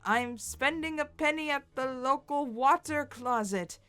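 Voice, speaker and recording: A woman's voice: high-pitched, a little slow, pushed and bright, soft background music. A woman voicing a smug young man with a put-on English accent, talking in a mock-formal, pompous way. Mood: breezy.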